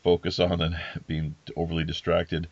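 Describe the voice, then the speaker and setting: Deep-voiced rambling podcast host man. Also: monotone, normal speed, a little mellow, no room sound, highs cut off. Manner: rambling, hesitant, many fillers and restarts. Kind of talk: casual interview chat.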